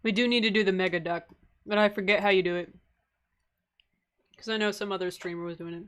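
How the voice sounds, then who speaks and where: In a casual live-stream chat, a young woman plays a game and fields viewer questions, laughing often and wandering into filler-heavy asides. She talks quickly in a medium, fairly bright voice with fairly even intonation.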